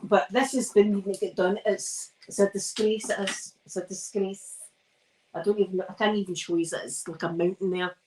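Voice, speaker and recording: A woman's voice: medium pitch, fairly even intonation, moderate pace, darkish tone, a little hiss or hum, low-quality recording. A tired Scottish woman chatting casually while ironing on a livestream, rambling and self-mocking between yawns. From Scotland. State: tired and yawning. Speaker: ASMR livestream host.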